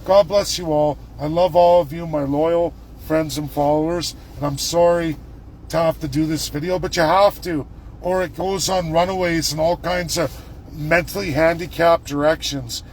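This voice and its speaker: A man's voice: fairly high pitch, fairly even intonation, normal speed, darkish tone, a little hiss or hum. A man from Alberta, delivering an angry, profane political rant to his followers. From Alberta, Canada. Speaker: political vlogger.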